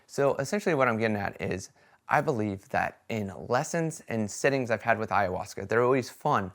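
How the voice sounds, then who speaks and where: A man chatting casually to camera about his experiences, telling stories in an animated way and often checking in with "right?" and "okay?". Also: fairly low pitch, moderate pace. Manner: animated storytelling, acts out quoted voices; conversational fillers like "right?" and "okay?". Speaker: vlogger sharing experiences.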